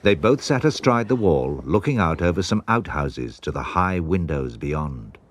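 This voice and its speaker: A man narrating a children's storybook in an expressive, measured way. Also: sits low, slight background noise. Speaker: audiobook narrator.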